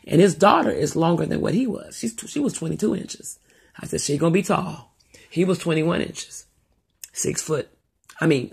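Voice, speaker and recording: A husky middle-aged woman with a gravelly edge tells family stories off the cuff. Her pitch swoops wide as she rambles and cusses her way through the tale. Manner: rambling and profane, with animated asides. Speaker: storyteller. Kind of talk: casual storytelling monologue.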